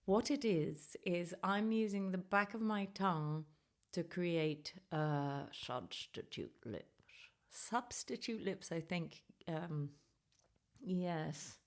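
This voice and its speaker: Gravelly-voiced woman in her fifties. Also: on the low side, slow pace. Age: 50s. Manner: chatty, self-deprecating, lively. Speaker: podcast host and ventriloquist. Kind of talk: casual comedic chat.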